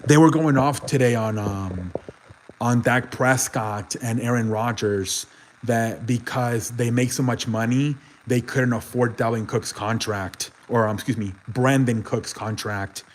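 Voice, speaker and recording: A man chatting loosely on a sports stream, reading viewer messages aloud and swearing freely. His voice sits at an ordinary middle pitch, with trailing restarts and filler between thoughts. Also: a little slow. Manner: rambling, swears often, reads chat aloud. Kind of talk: casual live-stream sports talk.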